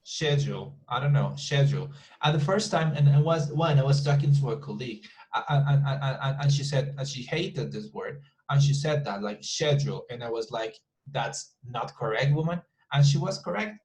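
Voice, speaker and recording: A man's voice: medium pitch, a little mellow, low-quality recording. Casual man teaching online English class. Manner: casual, repeats words slowly to model pronunciation.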